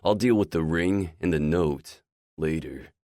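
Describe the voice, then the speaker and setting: A man narrating a romance audiobook in the first person, measured and inward. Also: sits low, warm tone, no room sound, studio quality.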